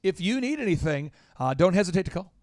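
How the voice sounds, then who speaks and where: High-voiced upbeat male host. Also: sing-song, fast talker, a little mellow, dry recording. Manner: upbeat, thanking, hyping countdown. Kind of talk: casual talk show wrap-up.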